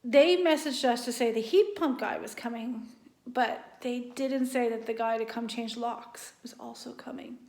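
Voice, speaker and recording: A woman's voice: on the high side, moderate pace, gravelly, a little mellow, roomy sound. A woman vlogging about her day in a casual, rambling way, often laughing. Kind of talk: casual vlog narration. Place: home kitchen.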